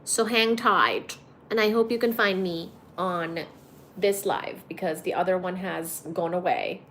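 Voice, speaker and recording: A woman's voice: fairly low pitch, fairly even intonation, measured pace, a bit bright, slight background noise. A woman hosting a casual livestream, greeting viewers by name in a playful way and singing bits of songs. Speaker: livestream host.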